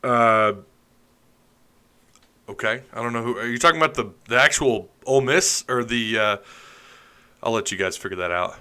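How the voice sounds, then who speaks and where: A man's voice: mid-range voice, moderate pace, long pauses, bright, forceful tone, clean tone. A man hosting a live stream, chatting casually, reading comments and joking sarcastically.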